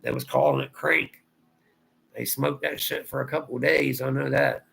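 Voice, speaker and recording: A man's voice: medium pitch, steady tone, normal speed, gravelly, a bit bright, slightly rough, rough recording. A man from Ohio with a Southern drawl, rambling through a casual livestream chat and answering viewer comments aloud. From Ohio, USA. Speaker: livestream host.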